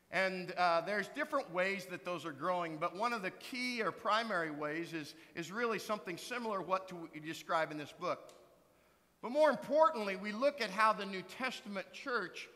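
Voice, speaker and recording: A middle-aged male pastor giving an earnest, lively conference teaching talk. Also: sits high. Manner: earnest, lively, acts out quotes loudly. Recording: reverberant hall recording.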